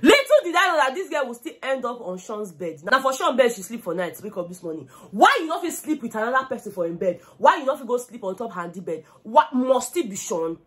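A young woman with a Nigerian accent giving gossipy, animated commentary on a reality show, slipping into Pidgin. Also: fairly high pitch, fast talker, hardly any pauses. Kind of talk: casual vlog commentary.

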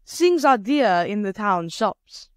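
A woman voicing a peasant woman who is calm and shrewd and speaks in a matter-of-fact way while she haggles. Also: mid-range voice, slow pace, clear, resonant tone, no echo, clean studio sound.

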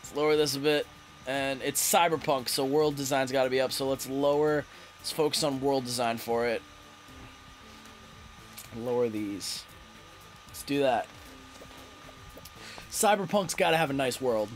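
A man giving casual, playful gameplay commentary, reading game text aloud and getting excitable. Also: medium pitch, unhurried, pauses often, a little hiss or hum. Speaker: let's play host.

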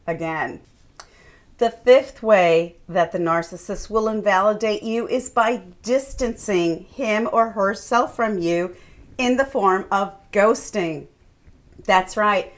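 Woman life coach, slow steady delivery, earnest advice talk. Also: mid-range voice. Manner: earnest, acts out quoted remarks. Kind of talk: advice monologue to camera.

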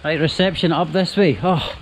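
A man's voice: on the high side, moderate pace, background noise. Chatty Scottish man vlogging. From Scotland. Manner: chatty, self-narrating while walking. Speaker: travel vlogger. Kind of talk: casual travel vlog.

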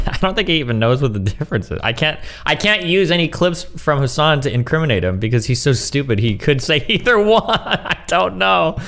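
Heated, swearing male streamer with lively pitch. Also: a little fast, gravelly, soft background music. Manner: profane, heated, mocking. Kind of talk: casual livestream rant.

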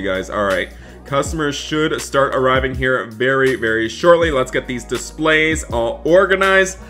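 A man narrates his game role-play with bright, forceful energy, excitable and chatty, forever calling out to the viewers. Faint music plays underneath. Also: medium pitch. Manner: upbeat and excitable, keeps addressing viewers as guys. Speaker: gaming YouTuber playing a barista.

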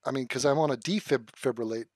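A man's voice: medium pitch, fast, darkish tone, husky, dry recording. Profane ranting man, dry close sound. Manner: profane, ranting, keeps stumbling over a word and laughing at himself. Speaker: streamer. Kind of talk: casual livestream commentary.

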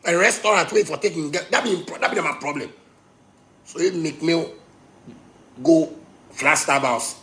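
A man from Ghana with a Ghanaian Pidgin English accent, ranting angrily, swinging between shouting and low muttering. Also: a little slow, long pauses. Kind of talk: angry rant.

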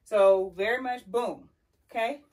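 A sassy, chatty woman talks through a casual tutorial in a fairly high voice. She sounds lively while she walks and demonstrates. She is picked up from a distance, across a carpeted room. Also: unhurried. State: slightly out of breath. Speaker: style vlogger teaching heel walking.

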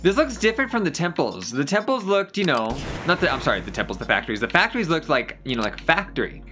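Excitable gamer with a wildly swinging voice. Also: medium pitch, fast talker, noisy background. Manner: excitable, gasps and exclaims often; swears casually. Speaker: let's play gamer. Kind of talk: casual gameplay commentary.

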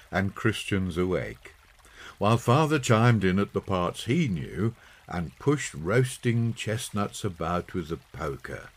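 A man reading a children's story aloud in an expressive, unhurried way. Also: on the low side. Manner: slow, lively expressive reading. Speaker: audiobook narrator. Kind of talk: storybook narration.

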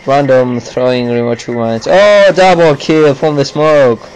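Slow, cursing gamer man. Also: mid-range voice, darkish tone, smooth, low-quality recording. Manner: cursing, grumbling running commentary. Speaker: gameplay commentator. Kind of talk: live gameplay commentary.

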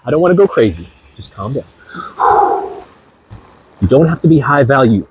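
A man talks straight to his viewers in an emphatic, lecturing way, his voice very husky and raspy. His pitch sits a little high and swings widely as he drives each point home. The sound is dry and close. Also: no room sound, poor audio. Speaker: vlogger giving dating advice. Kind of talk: outdoor vlog monologue to viewers. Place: outdoors by the beach in heavy rain.

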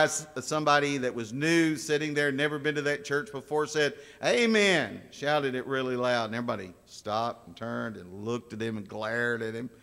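Folksy preacher in a reverberant church. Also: male voice, a little high, sharp tone, clear, resonant tone. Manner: folksy storytelling, asks the congregation questions. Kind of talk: sermon. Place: church sanctuary. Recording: long church hall reverb.

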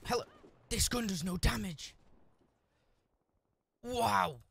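A man's voice: high voice, takes it slowly, vocal fry, a bit bright, a little hiss or hum. A man giving live commentary over his own shooter gameplay, swearing constantly, trash-talking other players and cracking jokes between frustrated outbursts. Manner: frustrated outbursts and joking asides. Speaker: gameplay streamer. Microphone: desk mic with a camera, no headphones.

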